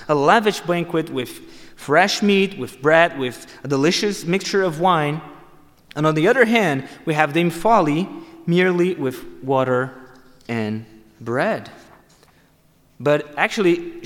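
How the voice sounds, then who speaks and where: A man's voice: fairly high pitch, a bit bright. A man preaching a sermon, emphatic and repeating phrases for stress. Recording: long hall reverb.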